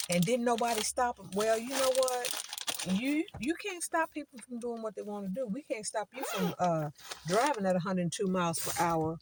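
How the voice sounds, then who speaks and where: A woman's voice: on the high side, expressive, normal speed, noisy background. A woman talking casually to her viewers, emphatic and repeating words as she lectures, then chats. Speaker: vlogger. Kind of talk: casual vlog talk to viewers.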